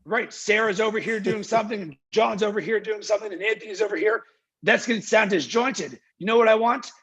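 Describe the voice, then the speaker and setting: Against a loud crowd, a man with a high voice speaks a little fast as an interview guest over a video call. He runs a marketing agency and talks with energy and emphasis, posing rhetorical questions and playing out what his clients say.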